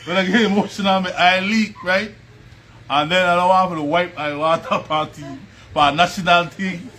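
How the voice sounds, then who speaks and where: This livestream host speaks Belizean Creole English and is hosting a casual stream from home, with music in the background. His high voice is pushed and bright, with fairly even intonation at normal speed, and there's a little hiss or hum. He laughs a lot, chats, and calls out viewers by name.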